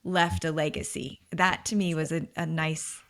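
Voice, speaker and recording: A woman's voice: low-pitched, fairly even intonation, moderate pace, fairly bright tone. A woman co-hosting a podcast, reflecting thoughtfully aloud and offering encouraging affirmations. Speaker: podcast co-host. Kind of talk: conversational interview.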